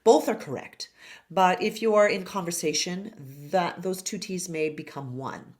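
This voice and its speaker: Slow, careful woman pronunciation coach. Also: fairly low pitch, lively intonation, a little mellow. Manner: models sounds slowly and clearly, with whispered and hummed demonstrations. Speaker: singing and pronunciation teacher.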